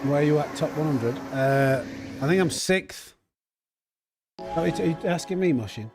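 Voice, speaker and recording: A man's voice: a little high, lively intonation, moderate pace, music in the background. A man chatting casually on a live sim racing stream, reading out viewer names and thanking them. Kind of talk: live gaming stream chat.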